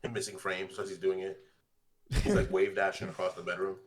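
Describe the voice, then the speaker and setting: A man's voice: deep voice, sing-song, brisk, vocal fry. A man in casual chat while gaming, teasing his friends with mock-menacing banter.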